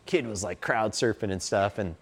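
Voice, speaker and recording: Low-voiced man, rambling storyteller. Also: moderate pace, a bit bright. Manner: loose and rambling, heavy on "like" and "you know". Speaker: interview guest. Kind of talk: casual storytelling.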